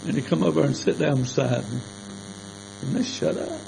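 A man's voice: fairly high pitch, moderate pace, creaky, noisy background. An older man, preaching a sermon as a folksy, plainspoken storyteller.

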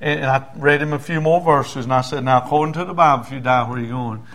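A man's voice: mid-range voice, quick pace, fairly bright tone. Man, preacher telling a testimony, folksy, rising emphasis. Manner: folksy storytelling, many "I said, he said", rising to fervent emphasis. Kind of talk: testimony story in a sermon.

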